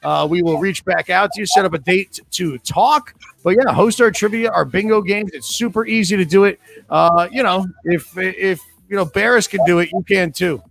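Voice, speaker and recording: A man's voice: high-pitched, normal speed, gravelly, a bit bright. A man hosting a live trivia podcast, reading out questions and joking with his co-hosts. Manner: joking, chatty, reads questions aloud. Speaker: trivia host.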